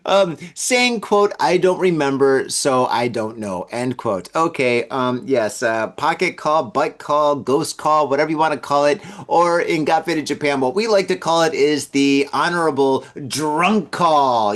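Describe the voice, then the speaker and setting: Male podcast host, slightly higher voice, animated comic news riffing. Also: moderate pace. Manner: animated, joking asides, acts out drunk voices. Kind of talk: casual comedic news commentary.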